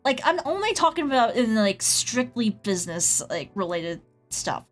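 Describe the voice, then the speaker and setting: Her voice sits on the high side with a sing-song lilt and an even, moderate pace. An artist streaming her drawing session, she spins a rambling, "like"-heavy tale and greets her chatters along the way over quiet background music.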